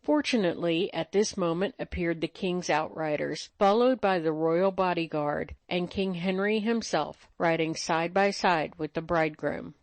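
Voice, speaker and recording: Low-voiced woman reading a tale. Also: dry recording. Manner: measured, even storytelling. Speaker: audiobook narrator. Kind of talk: storybook narration.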